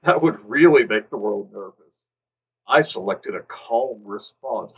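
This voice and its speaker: A man's voice: fairly low pitch, lively intonation, unhurried, creaky, rough recording. A man hosting a livestream, reading a fanfic aloud, exasperated and swearing as he goes. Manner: exasperated, swearing, breaking into laughter. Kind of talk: live comedic dramatic reading.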